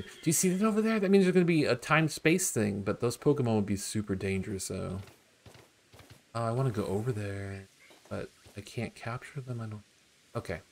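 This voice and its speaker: A man streaming a video game, talking casually and getting excited about each new find. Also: medium pitch, a little hiss or hum. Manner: excitable, gasping and laughing at new discoveries. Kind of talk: casual gameplay commentary.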